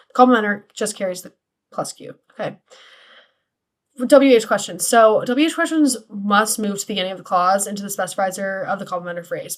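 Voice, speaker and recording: A young woman speaks quickly through a class presentation, her phrasing loose and casual. She leans on "like" and "um" as she explains, sounding like a student at the front of the room. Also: medium pitch. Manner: casual, filler-heavy, lots of "like" and "um".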